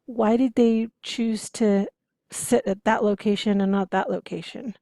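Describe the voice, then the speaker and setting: Female instructor, gravelly and mellow, dry close sound, chatty lecture delivery. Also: mid-range voice, steady tone, unhurried, no room sound. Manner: conversational, explanatory, asks rhetorical questions. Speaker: interpreting instructor. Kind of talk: lecture to students.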